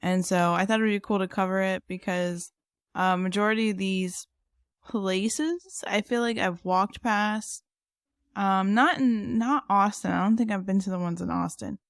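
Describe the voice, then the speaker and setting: A woman's voice: mid-range voice, steady tone, normal speed, creaky, dry recording, studio quality. A woman co-hosting a podcast in casual chat, talkative, with lots of fillers and laughter. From lived in San Antonio, Texas. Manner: chatty, laughs often, many fillers. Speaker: podcast co-host.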